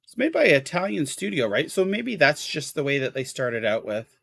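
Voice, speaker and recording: A man's voice: fairly high pitch, big pitch swings, fairly quick, gravelly, fairly bright tone, slightly rough, dry recording. A man live-streaming a video game, chatting casually with viewers, exclaiming at the graphics and apologizing for hiccups.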